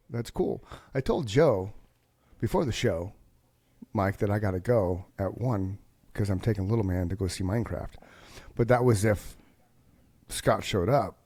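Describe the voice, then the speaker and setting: A man's voice: fairly low pitch, dark tone, no echo. A man hosting a live talk show, chatting casually, rambling with frequent restarts and swearing. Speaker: podcast host.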